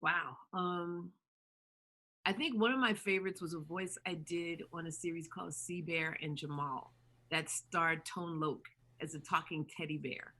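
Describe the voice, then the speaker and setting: A woman voice actor chatting as an interview guest, animated, who slips into character voices as she talks. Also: fairly low pitch, a little slow. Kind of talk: interview chat.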